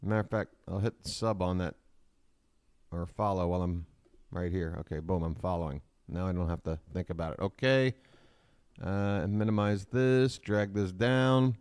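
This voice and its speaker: A man hosting a live stream from home, talking straight to his chat in a rambling, hurried way. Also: low-pitched, a little mellow, clear, resonant tone, dry recording.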